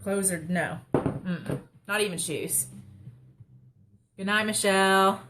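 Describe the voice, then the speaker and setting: With faint noise in the background, a young woman speaks slowly in a mid-range voice. Hosting a relaxed craft livestream, she rambles, chats, and jokes about herself.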